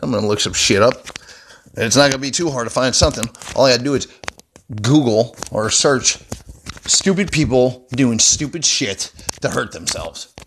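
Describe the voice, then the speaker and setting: A man vents into his phone at home in a rambling, unscripted rant. He swears constantly and keeps a steady, everyday pitch that is neither deep nor high. His delivery is angry and loose, full of repeated words and restarts. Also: moderate pace, slight background noise. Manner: angry, heavily profane, rambling. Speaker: vlogger. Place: indoors at home, seated.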